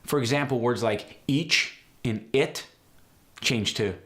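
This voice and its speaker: A man hosting a tutorial as an accent coach, explaining sounds in a brisk, direct way. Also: mid-range voice, a bit bright. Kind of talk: instructional tutorial.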